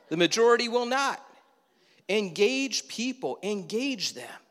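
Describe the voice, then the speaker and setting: A man's voice: sits high, fairly bright tone, big-room sound. A man preaching a sermon from the pulpit in a conversational way, asking his listeners questions and adding asides. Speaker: pastor. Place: church sanctuary.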